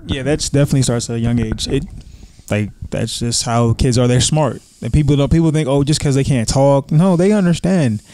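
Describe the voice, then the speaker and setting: A man who is a father, a guest on a casual podcast, giving short agreeing remarks that drop low at the end. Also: a little fast, mellow, a little hiss or hum.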